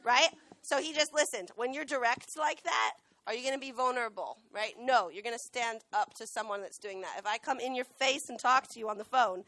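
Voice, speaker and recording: A woman who trains dogs, giving a lively classroom talk and often asking the students questions. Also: a little high, fairly quick, hardly any pauses. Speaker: dog trainer and veterinary technician. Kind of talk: classroom talk with a live dog demo. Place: school classroom.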